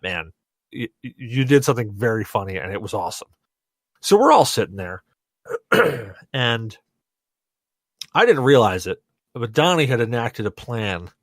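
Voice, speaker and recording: A young man hosts a casual podcast, a little tipsy from rum and telling a story with loose, animated energy. He swears freely and laughs at his own punchlines. His mid-range voice sounds dry and close, with no room around it. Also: medium pitch, no room sound. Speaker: podcast host.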